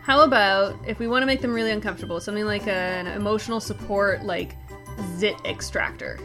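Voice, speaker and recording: A woman's voice: medium pitch, steady tone, fairly quick, fairly bright tone, faint music behind. Wry woman co-hosting a comedy segment. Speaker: comedy show co-host. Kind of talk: scripted comedic news chat.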